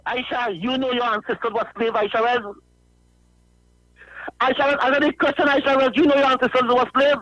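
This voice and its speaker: A man calling in to a radio show, ranting in a high voice, laughing through his words and mocking a critic again and again. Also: little pitch movement, a little fast, long pauses, fairly bright tone, dry recording, muffled recording, soft background music. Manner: repetitive, mocking, addresses a critic by name. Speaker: radio caller. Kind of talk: ranting call-in. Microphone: phone line.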